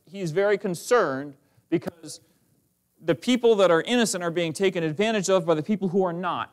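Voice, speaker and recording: A man's voice: high-pitched, smooth. A male pastor preaching a fervent sermon, reading old scripture verses aloud between his comments. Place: church sanctuary.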